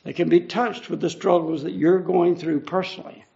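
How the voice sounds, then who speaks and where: High, gravelly male preacher, lo-fi. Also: steady tone, normal speed, warm tone. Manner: earnest, conversational, explaining each verse. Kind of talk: verse-by-verse Bible teaching. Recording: dull lo-fi recording.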